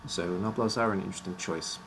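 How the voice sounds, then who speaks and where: A man's voice: deep voice, steady tone, fast talker, creaky, noisy background. A man casually presenting teams on a live stream, his voice slightly worn out, joking and stumbling over odd names.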